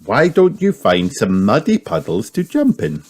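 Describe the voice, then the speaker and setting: A man's voice: fairly low pitch, huge pitch swings, unhurried, darkish tone, voice pushed up, exaggerated voice. A man doing a patient mother pig. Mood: calm. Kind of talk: storybook read-aloud.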